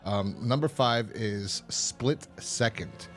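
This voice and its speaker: A podcast co-host speaks slowly in a lowish voice, with faint music in the background. Casually reviewing things, he rambles through stories and laughs often.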